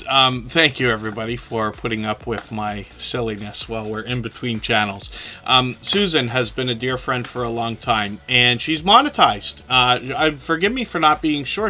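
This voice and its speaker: A man hosting a casual live stream, talking in a rambling, chatty way with lots of fillers and a slightly hoarse, tired voice. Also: medium pitch, pushed and bright.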